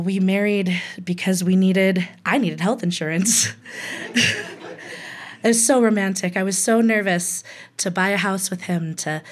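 A woman from Hawaii tells a personal story with a lower-pitched voice. She is candid and humorous, laughing easily between lines as she recounts it.

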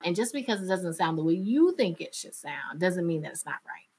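A radio journalist from North Carolina, with a North Carolina Southern accent, talking candidly and animatedly in an interview, often laughing. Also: female voice, lowish voice, very animated, a little fast, a little mellow, breathy edge. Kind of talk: interview conversation.

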